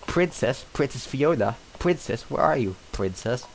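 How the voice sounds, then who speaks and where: A man voicing a chatty, excitable talking male donkey in an amateur script reading. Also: medium pitch, slight background noise, natural voice, poor audio. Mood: calling out. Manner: fast, jittery and overexcited.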